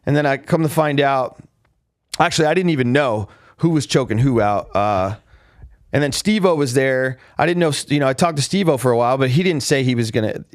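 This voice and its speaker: A man's voice: mid-range voice, brisk, no room sound. Rambling man recapping fights, dry sound. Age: adult with a father. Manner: rambling storyteller with many restarts and fillers. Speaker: podcast host. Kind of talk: casual chat.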